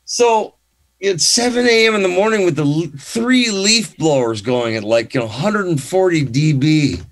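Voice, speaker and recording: A man telling a story as a guest musician in a casual chat, animated, swearing freely and restarting often. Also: a little high, normal speed.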